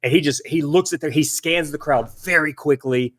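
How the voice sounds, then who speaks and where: A man's voice: fairly high pitch, normal speed, fairly bright tone. Man rambling as game master. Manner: rambling, many restarts and fillers while describing. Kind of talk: narrating a tabletop game.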